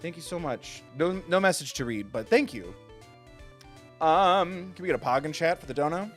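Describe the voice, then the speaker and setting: A man streaming a game live, joking and reading lines aloud in an animated way. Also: on the high side, moderate pace, faint music behind. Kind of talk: live gameplay commentary.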